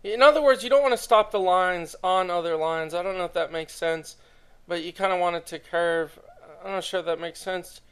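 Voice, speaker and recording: Upbeat man with a smooth voice. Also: high-pitched, brisk, fairly bright tone. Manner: enthusiastic, chatty, talks to viewers directly. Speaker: drawing tutorial host. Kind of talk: casual drawing tutorial narration.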